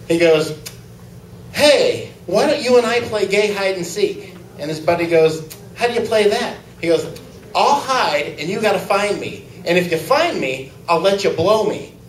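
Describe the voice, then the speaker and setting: A man's voice: high voice, roomy sound, far from the mic, rough recording. A man doing a crude open-mic stand-up set in a small club, laughing at his own jokes. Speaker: stand-up comic.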